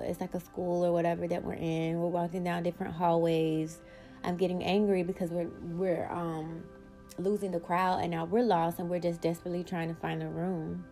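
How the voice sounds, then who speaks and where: Woman podcast host, lowish voice, talks straight and curses a lot, faint music under it. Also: darkish tone. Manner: blunt and profane, emphatic bursts. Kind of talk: candid personal storytelling.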